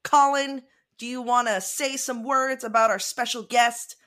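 Bright high-voiced woman hosting a quiz show. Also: fairly even intonation, measured pace. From San Francisco Bay Area. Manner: playful, alliterative wordplay. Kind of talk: casual podcast chat.

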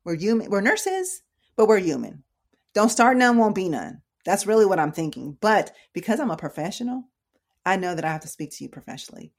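A woman's voice: lowish voice, very animated, brisk, slightly rough. A woman emergency room nurse giving casual, conversational advice, slangy and direct with her listeners. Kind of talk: casual educational talk.

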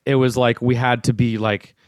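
A man in a casual podcast chat, telling a story with lots of energy and acting out what people said. His voice sits at a middle pitch. It is recorded close and dry. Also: normal speed, no echo. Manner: animated storyteller, swears, acts out quotes. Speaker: show host telling a story.

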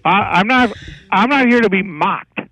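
A man calling in to a radio sports show, ranting gruffly and indignantly over a noisy phone line. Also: high voice, expressive, normal speed, fairly bright tone. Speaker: caller. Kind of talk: radio call-in rant.

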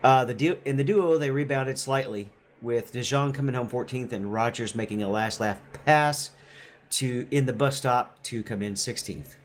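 A man's voice: medium pitch, normal speed. A man co-hosting a podcast who reads a racing news segment casually and adds personal asides. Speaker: podcast co-host.

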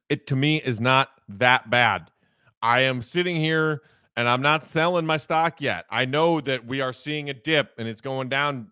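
A man hosts a solo sports podcast with a mid-pitched voice, animated and opinionated, often restarting his sentences. The sound is dry and close to the mic. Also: smooth, dry recording. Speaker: podcast host.

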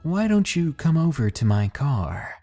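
A man's voice: fairly high pitch, sing-song, unhurried, vocal fry, mellow, soft background music, pitched above the performer's own voice, full character voice. Pushy creepy date, as a man reads him. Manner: insistent, coaxing.

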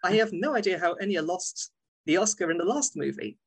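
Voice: mid-range voice, lively intonation, fairly quick, slightly rough. A co-host in a casual film discussion who speaks earnestly and analytically. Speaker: podcast co-host.

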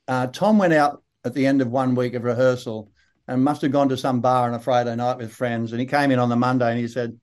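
An older man with a broad Australian accent, telling relaxed, rambling anecdotes with dry humour as an interview guest. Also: mid-range voice. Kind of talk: casual interview storytelling.

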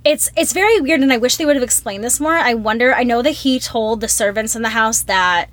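A woman co-hosting a casual podcast chat, retelling a film with lively acted-out quotes. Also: fairly high pitch, fairly quick. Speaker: podcast co-host.

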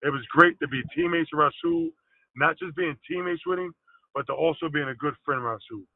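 A man and former basketball pro telling animated stories with loose, chatty grammar. His voice sits high and comes over a tinny phone line. The sound is dry and close. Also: fairly quick, creaky, no echo. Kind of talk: casual interview storytelling.

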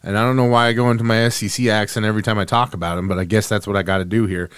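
A man co-hosting a sports podcast over a remote setup, talking casually in a joking, facetious, animated way. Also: lowish voice, very fast, clear, resonant tone, no echo. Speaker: podcast co-host. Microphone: remote call setup.

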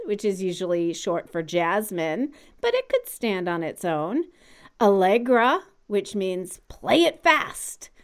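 Animated woman explaining with a smooth voice. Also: medium pitch. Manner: explanatory, musical-teacher tone, sings out examples. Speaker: podcast co-host. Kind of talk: casual podcast chat.

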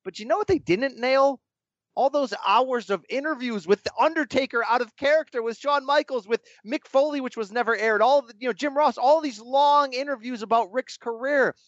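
A man with a high voice argues with animated emphasis in a casual chat, firing off rhetorical questions. The recording is dull and lo-fi, and very dry. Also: normal speed, no room sound. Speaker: podcast co-host.

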